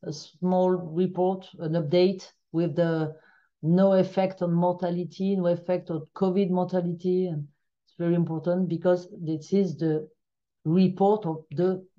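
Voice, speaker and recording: A woman with a French accent, a native French speaker appearing as an interview guest, speaking halting English as she searches for words. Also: lowish voice, little pitch movement, mellow, highs cut off. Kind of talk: remote interview answers.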